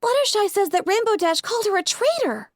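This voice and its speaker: A woman voicing a young female unicorn pony, a little sister with a bright, eager way of talking. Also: very high-pitched, lively intonation, fairly quick, no room sound, studio quality, voice pushed up.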